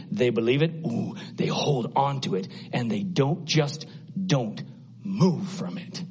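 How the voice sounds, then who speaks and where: A man preaching a sermon with passion, dropping to a hush and then climbing loud and high. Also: expressive, measured pace, husky, highs cut off. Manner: impassioned, swinging from hushed to loud and high.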